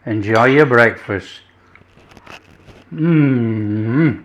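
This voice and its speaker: Slow, easygoing English cooking host. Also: male voice, medium pitch, lo-fi sound. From England. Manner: enthusiastic, chuckling, savoring food aloud. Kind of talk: casual cooking vlog with tasting.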